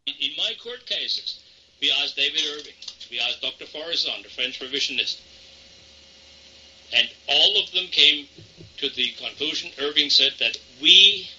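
A man from southern Germany with a German accent, answering interview questions in a measured, explanatory way. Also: a little high, animated, pushed and bright, slight background noise. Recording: dull lo-fi archival audio.

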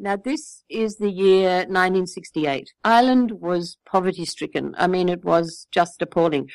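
A woman's voice: fairly low pitch, dry recording, poor audio. An older Australian woman chatting casually, telling a long anecdote with frequent laughter. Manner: chatty, laughs often, animated storytelling.

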